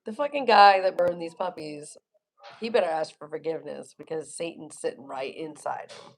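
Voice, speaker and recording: A woman's voice: low voice, moderate pace. A middle-aged woman chatting casually on her livestream, reading viewer comments, laughing often and swearing bluntly. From Florida. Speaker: livestream host.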